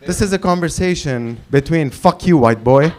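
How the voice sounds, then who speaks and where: A man's voice: a little high, animated, normal speed, a little hiss or hum. A man from Lebanon hosting an open mic, doing stand-up and acting out both sides of dialogues with plenty of swearing. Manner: loud announcer calls when introducing acts. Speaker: open mic host and comedian. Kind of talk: stand-up comedy. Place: comedy club stage with live audience.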